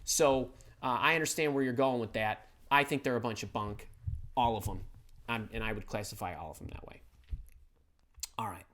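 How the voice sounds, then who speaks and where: A man's voice: mid-range voice, moderate pace, a bit bright. A middle-aged man hosting a live career-advice question session, speaking casually and bluntly, repeating words for emphasis. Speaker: career advice host answering viewer questions. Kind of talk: live-stream Q&A, casual and opinionated.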